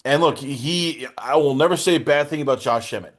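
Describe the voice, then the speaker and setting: A man's voice: fairly high pitch, a little fast. Teasing man hosting a podcast. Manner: teasing, bursts into mock-outraged quoted voices. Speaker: podcast host. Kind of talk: casual podcast chat.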